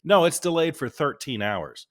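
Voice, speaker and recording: A man's voice: on the high side, big pitch swings, normal speed, fairly bright tone. A man co-hosting a podcast, grumbling through a travel story in casual chat. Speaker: podcast co-host.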